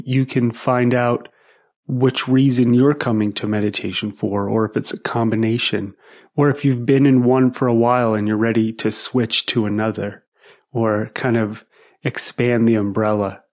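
Man, meditation teacher, podcast host, laid-back storytelling, mid-pitched voice. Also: fairly even intonation, moderate pace, darkish tone. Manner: easygoing, friendly, laughs at his own stories. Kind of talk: relaxed podcast monologue with storytelling.

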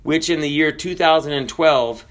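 A man delivering a sermon in a fairly high voice, mixing scripture quotes with stories from his own life. He drops to near-whispers on key words, then rises sharply for emphasis. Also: moderate pace. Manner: dramatic swings from hushed to loud. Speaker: preacher.

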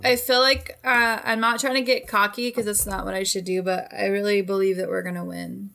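A woman's voice: medium pitch, little pitch movement, fairly quick, vocal fry, pushed and bright. A woman co-hosting a crude, casual couples podcast, blunt and full of swearing. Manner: blunt, swearing, laughs easily. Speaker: podcast co-host.

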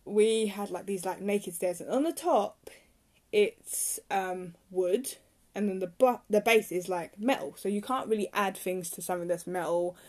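Unhurried and slightly mellow, this young podcast host's medium-pitched voice drifts through casual, chatty rambling on her solo show. When a rant takes hold, she turns heated.

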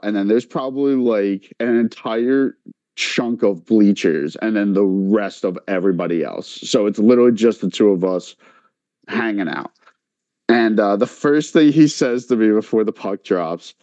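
Animated storytelling man, dark dry voice. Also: on the low side, moderate pace, no room sound, muffled recording. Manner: animated, many filler likes, quotes others in voices. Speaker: podcast co-host telling a story. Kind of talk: casual storytelling chat.

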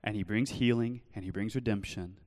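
Young guy preaching in church, low-ish voice, earnest, big echoey hall. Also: a little fast. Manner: earnest, shifts from loud storytelling to soft pleading. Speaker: pastor. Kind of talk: sermon with personal testimony.

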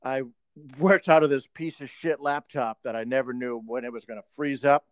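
A man's voice: mid-range voice, fairly even intonation, moderate pace, no echo. A man co-hosting a podcast, telling a profane work story in casual chat.

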